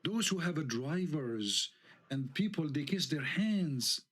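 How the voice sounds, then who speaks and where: A man's voice: on the high side, animated, takes it slowly, fairly bright tone. Indignant man. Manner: heated, indignant, rhetorical questions. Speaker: online show host. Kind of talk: live online debate talk.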